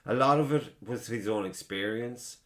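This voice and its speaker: A man's voice: medium pitch, moderate pace, a bit bright. An Irish man hosting a podcast, telling rambling, profane stories in a casual chat. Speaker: podcast host.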